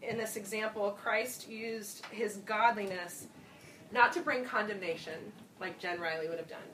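A woman delivers a sermon slowly and thoughtfully, sharing her own reflections. Her voice comes from a distance in a roomy space with noticeable echo. A faint ambient hum sits behind her. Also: medium pitch, fairly even intonation. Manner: reflective, personal, with soft laughs. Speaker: preacher.

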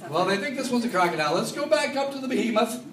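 Animated preacher in an echoey hall. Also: male voice, very high-pitched, very fast, noisy background. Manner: animated, joking with the congregation. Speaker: pastor. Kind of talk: expository Bible teaching. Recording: echoey room, mic at a distance.

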